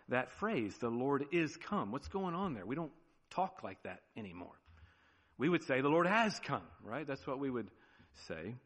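A man preaching a sermon as pastor, animated, with sudden drops to a quiet, emphatic tone. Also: medium pitch, in a large hall.

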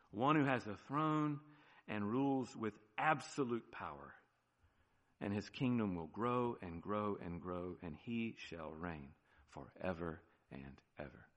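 A man with an American accent, a pastor preaching a sermon with emphatic swings between loud declarations and hushed low phrases, often asking "right?". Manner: asks the congregation "right?" often. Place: church sanctuary. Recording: long church reverb.

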